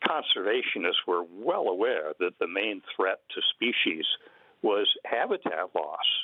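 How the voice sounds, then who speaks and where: An older man, a guest on a radio interview, explaining in a measured way with pauses and fillers. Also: low-pitched, animated, dry recording. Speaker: guest conservation biologist. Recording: narrow phone-line sound.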